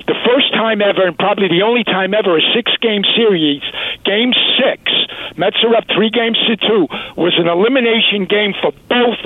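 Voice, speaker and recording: High-pitched male caller on a phone line. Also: moderate pace. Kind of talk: call-in.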